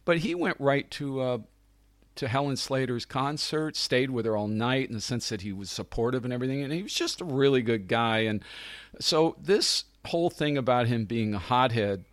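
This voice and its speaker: A middle-aged man who writes and directs films tells stories in a relaxed interview, his mid-range voice moving at a moderate pace. The studio sound is clean with no echo. He is animated, laughs often, and acts out the voices of people he quotes.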